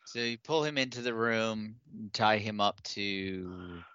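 A man narrating as game master in a tabletop game, halting and restarting as he goes. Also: lowish voice, sharp tone, smooth, no echo, highs cut off.

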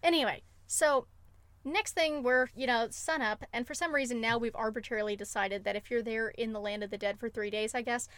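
A woman's voice: fairly high pitch, fairly even intonation, fairly quick, a bit bright, no echo. A woman co-hosting a podcast, retelling film scenes with emotive enthusiasm in casual chat. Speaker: podcast co-host.

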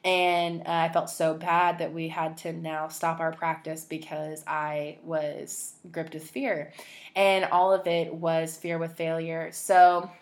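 A woman's voice: deep voice, little pitch movement, takes it slowly. A young woman hosting a podcast, telling a personal story in a rambling, emotional way, full of "like" and restarts. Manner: rambling, emotional, heavy use of "like". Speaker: podcast host.

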